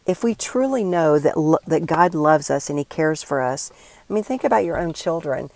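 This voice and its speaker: An older woman speaking in an earnest, encouraging way, giving a devotional talk and leading listeners through a quiet prayer exercise. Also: sits low, expressive, moderate pace, no echo. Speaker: Christian speaker.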